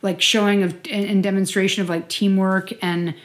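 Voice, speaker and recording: A woman's voice: mid-range voice, level tone, moderate pace. A woman in casual conversation over a glass of wine, talking in a loose, rambling way. She peppers her speech with "like" and the odd swear word, and keeps the tone easygoing. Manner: chatty, heavy use of "like", swears casually. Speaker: podcast co-host.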